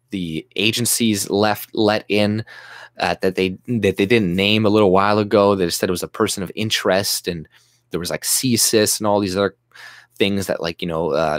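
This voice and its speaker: A man's voice: deep voice, no echo, clean studio sound. A man delivering an agitated, profane, sarcastic political rant to camera, often restarting his sentences. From Canada. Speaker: YouTube commentator.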